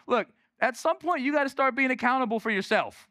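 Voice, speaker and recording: A man preaching a sermon as pastor, emphatic and repetitive, swinging from loud to hushed. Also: extremely high pitch, expressive, fairly quick, dry recording, clean studio sound.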